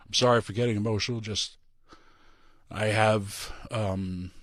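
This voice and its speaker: Tearful man giving a halting farewell. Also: fairly low pitch, a bit bright, no echo, clean studio sound. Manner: halting, full of pauses and restarts. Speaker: departing pro wrestler. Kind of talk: emotional farewell speech.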